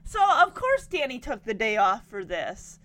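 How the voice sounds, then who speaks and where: A young woman casually recapping a TV episode, with animated and indignant storytelling. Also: a little high, measured pace. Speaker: TV show recapper.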